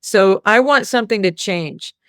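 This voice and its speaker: A woman's voice: medium pitch, expressive, normal speed, no echo, studio quality. A woman hosting a casual spiritual talk, telling a rambling story and quoting others. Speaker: host.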